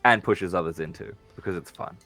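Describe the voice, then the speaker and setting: A man's voice: low voice, fairly quick, vocal fry, pushed and bright, dry recording, soft background music. A man with an Australian accent, a player in a tabletop game, joking and wry. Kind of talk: casual tabletop banter.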